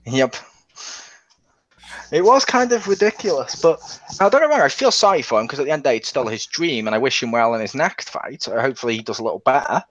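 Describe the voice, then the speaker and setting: A man co-hosting a casual review podcast, talking in an animated, mocking way and acting out characters as he talks. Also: medium pitch, quick pace, lo-fi sound. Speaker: podcast co-host. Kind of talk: casual chat.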